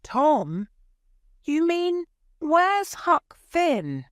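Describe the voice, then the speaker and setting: A woman's voice: sits high, very animated, drawn-out words, no echo, studio quality, pitched above the performer's own voice, exaggerated voice. A woman voicing a stern older aunt who gives commands in a storybook reading.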